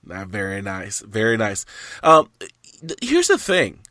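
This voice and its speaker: A man's voice: fairly low pitch, wildly swooping pitch, slow pace, bright, forceful tone, no room sound, clean studio sound. A man hosting a podcast, from Southeast Texas with a faint Texan accent, chatting casually and restarting his sentences. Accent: Texan, mostly faded. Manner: restarts often, easygoing banter. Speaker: podcast host.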